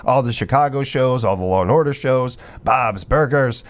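A male morning radio host in the studio, talking in an easygoing, chatty way. His pitch sits in the middle range. He breaks off sentences and restarts them often, and sometimes clears his throat. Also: moderate pace. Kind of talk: casual radio banter.

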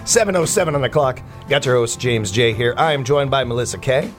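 A middle-aged man hosting a casual morning radio show in a studio, chatty and quick to laugh. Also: mid-range voice, faint music behind. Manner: chatty, laughs often, stumbles and restarts.

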